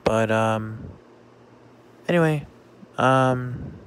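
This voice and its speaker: A man talking casually in a vlog, halting often with fillers and restarts. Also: mid-range voice, clear, resonant tone. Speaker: vlogger.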